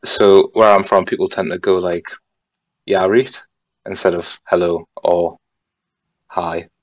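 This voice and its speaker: Young Geordie man, podcast guest, very low voice, dry close mic, relaxed rambling chat. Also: a little slow, dry recording, lo-fi sound. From North East England. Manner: laid-back, rambling with many fillers and some swearing. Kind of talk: casual chat.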